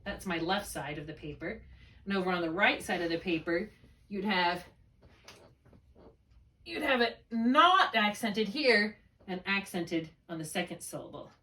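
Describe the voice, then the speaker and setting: A woman's voice: mid-range voice, expressive, measured pace, bright, forceful tone, recorded from a distance. A woman tutoring a student one on one, explaining spelling rules patiently step by step and checking often that it makes sense. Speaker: reading tutor.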